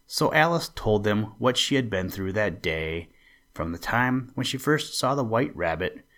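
A man hosting a story podcast, reading a children's classic aloud in a calm, unhurried way. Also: lowish voice. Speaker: storyteller host.

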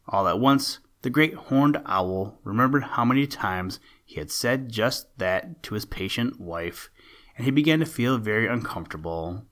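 A man narrating a children's animal story in an expressive, lively reading style. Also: fairly low pitch, moderate pace.

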